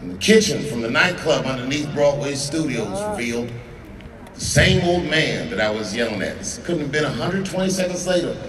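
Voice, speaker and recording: A man in his forties doing profane, conversational stand-up storytelling with dramatic pauses, on stage in a large outdoor amphitheater. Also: mid-range voice, expressive. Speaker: stand-up comedian. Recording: distant, echoing amphitheater sound with crowd.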